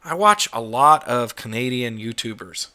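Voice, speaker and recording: A man's voice: mid-range voice, expressive, normal speed, sharp tone. A middle-aged American man hosting a casual monologue vlog, ranting bluntly with some swearing. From United States. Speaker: YouTube channel host.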